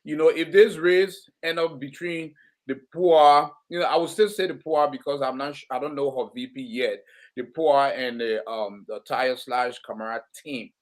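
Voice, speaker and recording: A man's voice: medium pitch, fairly even intonation. Man, talk show host, frequent fillers, stop-start questions. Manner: halting, many fillers and restarts.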